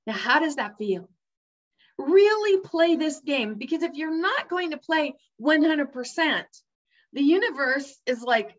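A woman's voice: high voice, lively intonation, measured pace. A woman speaking directly to the viewer in a motivational talk, upbeat and emphatic, coaching the listener along. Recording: dull lo-fi sound.

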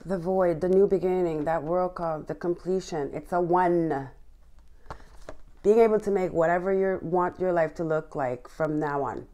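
A woman talks her viewers through a tarot spread in a loose, chatty way. Her voice sits a little low for a woman. She gushes with excitement, repeats herself and breaks into sighs and small laughs. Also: moderate pace. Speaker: tarot reader. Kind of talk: casual tarot reading to camera.

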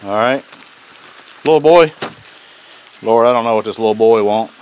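A man's voice: fairly low pitch, flat delivery, quick pace, a little mellow, a little hiss or hum. A man hosting a casual cooking vlog, folksy and enthusiastic. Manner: folksy and enthusiastic, Southern phrasing. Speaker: cooking channel host. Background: griddle sizzling.

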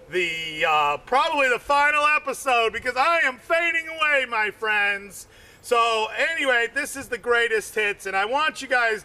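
A man's voice: high-pitched, lively intonation, a little slow, bright, forceful tone. A man doing comedy, telling a long rambling story full of fillers and repeated words.

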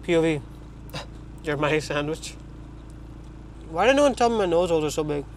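A man's voice: a little high, animated, normal speed, slight background noise. A young man, vlogging from his parked car with a phone, rambling with jokey asides while he eats. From Trinidad. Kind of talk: casual car vlog while eating.

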